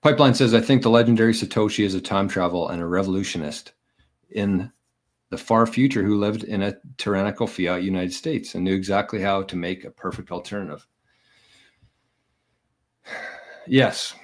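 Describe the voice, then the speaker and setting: A low-voiced man from Canada talks straight into his daily vlog. He reads out viewer comments and answers them bluntly, with plenty of swearing and a combative edge. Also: normal speed, long pauses. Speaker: bitcoin vlogger.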